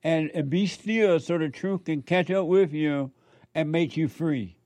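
A man's voice: on the high side, unhurried, darkish tone, no echo. Blunt male radio host, dry studio. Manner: blunt, direct, coaching callers. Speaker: radio talk show host. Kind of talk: call-in radio talk.

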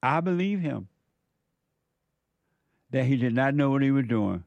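A man's voice: mid-range voice, lively intonation, measured pace, creaky, darkish tone, dry recording, highs cut off. A man hosting a call-in radio show, lecturing listeners emphatically and laughing often between points. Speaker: radio host. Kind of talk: call-in talk show preaching. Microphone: studio mic.

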